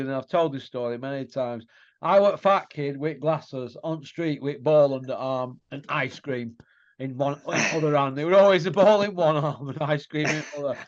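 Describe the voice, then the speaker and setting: A man with a Leeds accent hosting a casual chat, teasing his guest and rambling into stories over a video call. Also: fairly high pitch. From England. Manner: joking, teasing, rambling storyteller. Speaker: host. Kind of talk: casual banter. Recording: dull lo-fi call audio.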